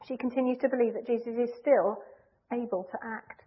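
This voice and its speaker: A woman preaching a sermon in an earnest, measured way, leaning hard on key phrases. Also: on the high side, steady tone. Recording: tinny phone-like line.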